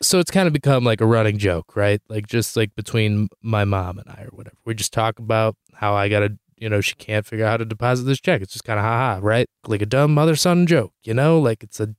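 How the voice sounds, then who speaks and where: A young man hosting a podcast, telling a comic story in a rambling, animated way, swearing freely and jumping high in pitch when he quotes himself. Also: quick pace, few pauses, clear, resonant tone, no echo, clean studio sound. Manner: rambling with many "like" fillers and restarts. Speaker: podcast host. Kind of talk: comedic storytelling monologue.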